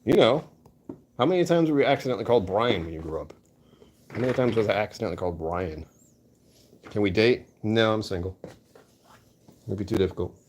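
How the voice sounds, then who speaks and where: A man's voice: fairly low pitch, animated, brisk, long pauses, darkish tone, a little hiss or hum. Jokey, self-mocking man chatting to viewers. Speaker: streamer reading chat. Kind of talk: casual live-stream chat.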